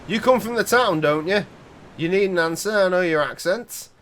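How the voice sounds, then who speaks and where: A superstitious old fisherman, put on by a man reading a game aloud. His voice sits higher and rougher, folksy and grim, full of old seaside turns of phrase. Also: normal speed, fairly bright tone, a little hiss or hum. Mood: wary. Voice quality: gruff, old-fashioned folksy speech. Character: weathered old male fisherman, gruff and superstitious.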